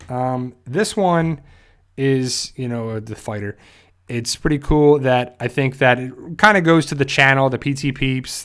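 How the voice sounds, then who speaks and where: A YouTube channel host with a mid-range voice runs a casual livestream, speaking haltingly with lots of fillers and restarts, and at times he grows emotional.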